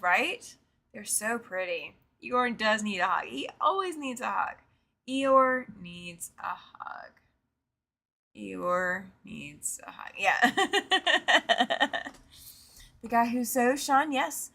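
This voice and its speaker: A chatty woman hosts a live-stream with a bright, slightly tense voice pitched a little high. She reads viewer comments aloud, laughs easily, and often trails off or repeats a phrase as she talks. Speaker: host of a live quilting show. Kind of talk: casual live-stream chat.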